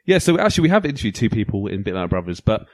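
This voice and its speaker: A man co-hosting a retro gaming podcast, enthusiastic and quick to laugh. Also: fairly low pitch, big pitch swings. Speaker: podcast co-host. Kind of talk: casual chat.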